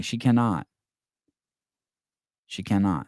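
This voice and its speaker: At a moderate pace, a middle-aged man hosts a laid-back podcast, his voice low and deep. Crude jokes, free swearing, and animated stories with voiced quotes fill his talk, and the close, dry sound has no room echo.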